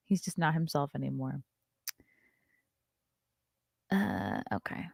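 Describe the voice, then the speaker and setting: A woman hosting a morning show, reading celebrity news aloud and breaking off for quick, wry asides. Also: sits low, expressive, vocal fry, no room sound, clean studio sound.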